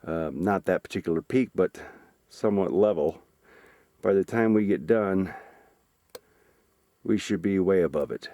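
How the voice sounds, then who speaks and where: A man narrating his mountain hike to a handheld camera outdoors, talking in a halting way with frequent fillers. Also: low voice, mellow, no room sound, studio quality. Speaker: hiker filming his climb. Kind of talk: casual hiking vlog narration.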